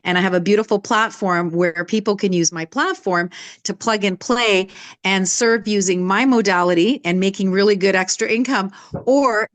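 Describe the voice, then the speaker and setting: Lady in her 60s telling her own story, blunt and emphatic, mid-pitched voice, dry sound. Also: normal speed, no echo. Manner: candid, emphatic, raises her voice to act out others in quotes. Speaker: personal development coach. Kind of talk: personal storytelling in a live talk.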